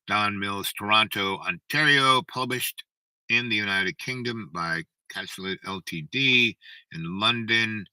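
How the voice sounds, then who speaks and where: A man's voice: on the low side, a little slow, pushed and bright, smooth, no room sound, rough recording. An older man hosting a livestream, telling a long rambling story to his chat and often tagging "right?". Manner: rambling, keeps asking "right?". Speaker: livestream host.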